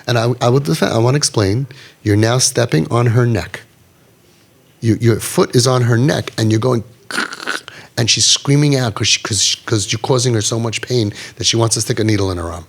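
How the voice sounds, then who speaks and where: A middle-aged man counseling parents in a group talk, animated and acting out quotes, sprinkling in Yiddish and Hebrew words. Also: mid-range voice, a little fast, creaky.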